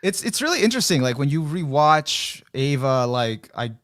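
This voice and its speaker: Podcast guest, male, lively pitch swings, rambling casual talk. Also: normal speed. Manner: rambling, many fillers, laughs often. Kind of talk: casual chat.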